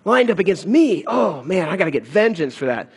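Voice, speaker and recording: A man's voice: sits high, big pitch swings, a little fast, vocal fry, slightly rough, heavily acted. A man voicing an angry, vengeful king who grumbles resentfully.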